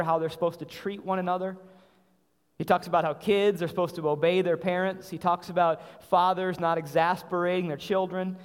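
A man preaching a sermon in earnest, repeating phrases and asking rhetorical questions. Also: high voice. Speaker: pastor. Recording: long hall reverb.

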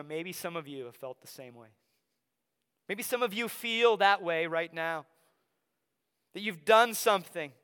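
A young man from Wisconsin with an Upper Midwest accent, preaching a sermon in a conversational way, often dropping soft for emphasis. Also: sits high, smooth. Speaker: pastor. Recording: long hall reverb.

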